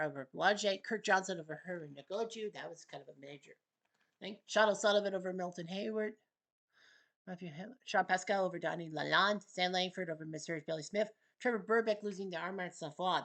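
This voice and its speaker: A man's voice: high-pitched, quick pace, sharp tone. Casual male boxing recap host. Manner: offhand, chatty asides between results.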